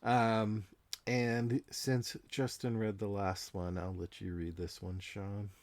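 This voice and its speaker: A man's voice: lowish voice, little pitch movement, slow, dry recording. A man co-hosting a podcast, talking casually about a card game in a hesitant way with many ums and small laughs. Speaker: podcast co-host.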